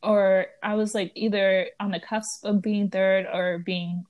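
Young woman cohost, animated and giggly, lots of likes and restarts, mid pitch. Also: measured pace, muffled recording. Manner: animated, laughs often, many fillers and restarts. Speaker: podcast co-host. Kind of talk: casual chat.

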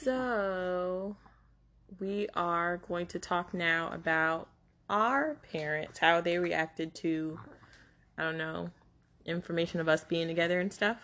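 A young woman co-hosting a casual chat, telling relaxed stories with filler words. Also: on the low side, takes it slowly. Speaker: podcast co-host.

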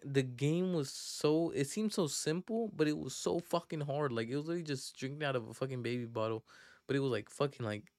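A man's voice: medium pitch, brisk, a little mellow, no room sound, clean studio sound. A young man hosting a podcast, telling a story casually in slang with lots of fillers and restarts. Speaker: podcast host.

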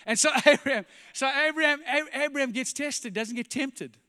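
High-voiced man preaching in a reverberant hall. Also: moderate pace. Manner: animated preaching with rhetorical questions and sudden drops to quiet emphasis. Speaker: pastor. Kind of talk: sermon. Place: church.

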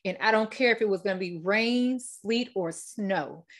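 A woman's voice: medium pitch, normal speed. A woman hosting a faith-based podcast, telling her story with heartfelt repetition and fillers. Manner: heartfelt testimony, repeats words, fillers. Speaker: podcast host.

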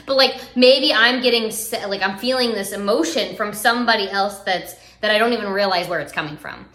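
A woman's voice: medium pitch, brisk, a bit bright. A woman in her thirties, a parent, talking in a casual, chatty way with lots of "like" fillers. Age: 30s. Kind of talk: casual chat. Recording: roomy echo.

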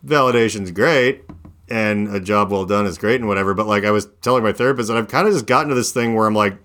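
A man in his thirties talking casually as a podcast host, rambling and animated, with lots of fillers. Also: lowish voice, fast talker. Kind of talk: casual chat.

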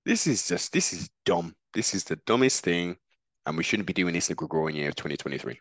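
A podcast host with a low, slightly bright voice talks fast with lively intonation, and there's no echo. His reaction commentary is rambling, musing, and digressive, with frequent restarts.

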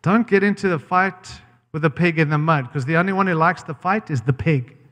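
American preacher guy, blunt and fired up, kinda high voice, lots of hall echo. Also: fairly quick, a bit bright. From United States. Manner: impassioned, blunt and direct, often breaking off mid-phrase. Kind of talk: sermon. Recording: long hall reverb.

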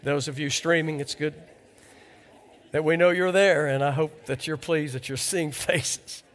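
A pastor preaching a conversational sermon in a church, asking the congregation rhetorical questions. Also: male voice, on the high side, steady tone, measured pace, fairly bright tone. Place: church sanctuary.

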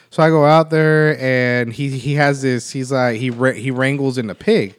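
A man with a mid-pitched voice tells a long anecdote on a casual podcast. He talks in a relaxed, easygoing way with the odd swear. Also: normal speed, few pauses. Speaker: podcast co-host. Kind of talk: casual chat.

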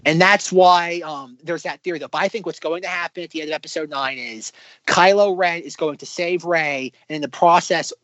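A man co-hosting a casual podcast, talking in long excited run-on predictions with many restarts. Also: a little high, fairly quick, dry recording. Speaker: podcast co-host.

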